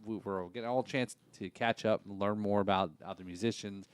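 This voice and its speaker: A man hosting a casual podcast, relaxed and agreeable, with lots of "yeah" and "right" as he wraps up and plugs events. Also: on the low side, brisk, clear, resonant tone. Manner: relaxed and affirming, many fillers. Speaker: podcast host.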